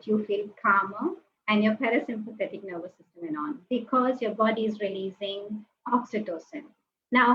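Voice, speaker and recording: A woman giving a lively webinar talk, acting out quoted reactions and asking the audience to join in. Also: mid-range voice. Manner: animated, acts out quoted reactions, asks the audience. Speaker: webinar speaker. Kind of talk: lively motivational talk with acted asides. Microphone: webinar call mic. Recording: slightly dull audio with faint noise.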